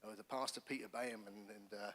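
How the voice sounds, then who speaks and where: A middle-aged man, a pastor, giving his testimony in church with earnest, animated storytelling. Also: on the low side, quick pace. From England. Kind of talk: personal testimony sermon. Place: church hall. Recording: long church hall reverb.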